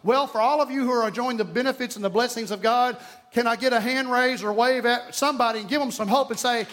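A male pastor with an East Texas accent, his voice pitched very high for a man. He preaches emphatically, repeating his key lines for effect and weaving in folksy jokes. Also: quick pace, fairly bright tone. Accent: Southern US, East Texas. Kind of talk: sermon.

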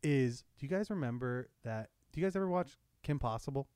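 A young man hosting a casual podcast chat, excitable and jokey, with loud swings in his voice. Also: mid-range voice, fairly quick, smooth, dry recording, clean studio sound. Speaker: podcast host.

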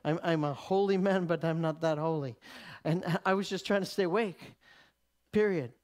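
A man preaching, telling a story in an animated way, laughing often and repeating words as he goes. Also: fairly high pitch, normal speed. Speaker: preacher teaching. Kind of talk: sermon storytelling.

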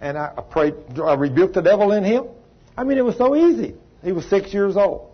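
Husky folksy male preacher. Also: sits high, lively intonation, a little fast. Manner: folksy, acts out the people in his stories. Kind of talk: storytelling sermon. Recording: dull lo-fi sermon recording.

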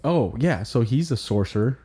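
A man co-hosting a podcast, chatting casually about a movie and acting out its scenes in lively bits. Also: medium pitch, normal speed, husky. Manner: animated storyteller, acts out scenes. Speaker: podcast co-host.

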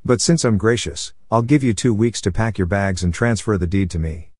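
A man's voice: fairly low pitch, a little fast, a little mellow, breathy edge, no room sound, studio quality. Man reading as bossy entitled mother. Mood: commanding. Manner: bossy, commanding, scheming. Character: domineering entitled middle-aged mother.

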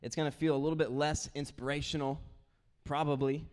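Young pastor, animated and smooth-voiced. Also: male voice, fairly high pitch, a little fast. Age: young adult. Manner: animated storyteller, acts out kids' voices. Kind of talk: sermon with personal stories.

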